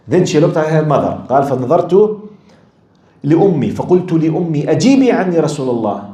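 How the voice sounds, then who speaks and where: A man giving a religious lecture, telling stories in a lively way and acting out the quoted lines. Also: a little high, racing, roomy sound. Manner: animated storytelling, acts out quoted lines, laughs with audience. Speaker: Islamic lecturer.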